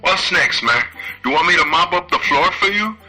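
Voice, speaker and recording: A man's voice: a little high, lively intonation, normal speed, loud music behind the voice, natural voice. A man playing an arrogant, swaggering wrestler in a promo skit, with a put-on Spanish accent and a cocky, taunting, sarcastic way of talking. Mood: mocking. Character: arrogant swaggering male wrestler, slick tough guy.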